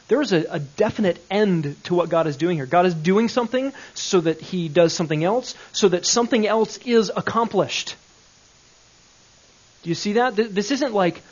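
A man's voice: sits high, normal speed, long pauses, muffled recording. A man teaching a Bible grammar lesson, explaining step by step and checking in with questions.

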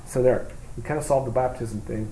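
A man preaching a sermon, reading scripture aloud and explaining it, moving between loud emphatic reading and quiet, low asides. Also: fairly even intonation, brisk. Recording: echoey room with faint hum.

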